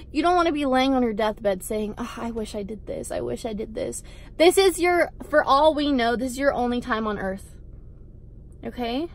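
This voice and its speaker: A young woman with a high voice talks straight to camera as a vlogger, giving a blunt motivational pep talk. She hammers her points home through repetition and swears casually. She is recorded outdoors. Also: slight background noise.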